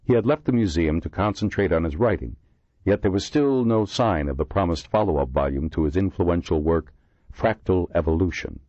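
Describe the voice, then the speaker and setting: Deep-voiced male audiobook narrator. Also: mellow, no echo, dull audio. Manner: measured storytelling with many voices. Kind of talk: scripted narration.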